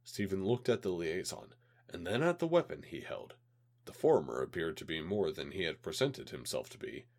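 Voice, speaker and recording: Deep-voiced man narrating a sci-fi story. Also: normal speed, vocal fry. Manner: lively, dramatic storytelling. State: slightly ill. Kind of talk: amateur audiobook reading of sci-fi story.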